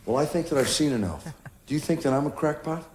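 A man's voice: a little high, expressive, quick pace, darkish tone, natural voice. An actor playing a blunt, skeptical male investigator, from an old film soundtrack. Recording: echoey noisy film audio.

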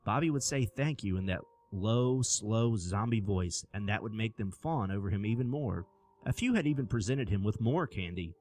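Expressive low-voiced male storyteller. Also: moderate pace. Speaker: narrator. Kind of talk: scripted horror story narration.

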